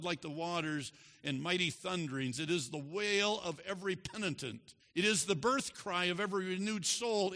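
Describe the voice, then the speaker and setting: A male pastor preaching a sermon, slow and emphatic, rising in loudness on key phrases, heard in a church sanctuary. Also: fairly high pitch. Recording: long reverb of a large hall.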